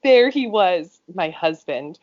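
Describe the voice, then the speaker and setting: A woman's voice: fairly low pitch, animated, slow, lo-fi sound. A woman with an American accent co-hosting a podcast, chatting casually and reading listener stories aloud, often breaking into giggles. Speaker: podcast co-host.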